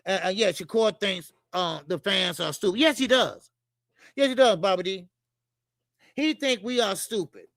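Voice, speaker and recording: Brief: male host, casual rant, bright forceful voice, close dry mic. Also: high voice, lively intonation, normal speed, gravelly, dry recording. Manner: heated, profane, shouting at times. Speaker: boxing commentary show host. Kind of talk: casual ranting commentary.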